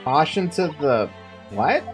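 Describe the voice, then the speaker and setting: A woman's voice: sits low, big pitch swings, slow, faint music behind, voice pushed down, full character voice. A woman voicing a bold, upbeat young male defense lawyer who talks in a brash, playful way. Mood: boisterous.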